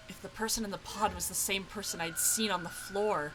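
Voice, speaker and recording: A woman streamer playing a video game, reading scenes aloud and reacting with excited shrieks and swearing. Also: mid-range voice, normal speed, few pauses, husky, poor audio.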